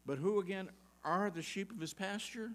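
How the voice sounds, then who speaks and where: A man's voice: sits high, a bit bright. A man preaching a sermon, reading scripture aloud and putting pointed questions to his listeners, with occasional chuckles. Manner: emphatic, asks the congregation rapid questions, reads scripture aloud.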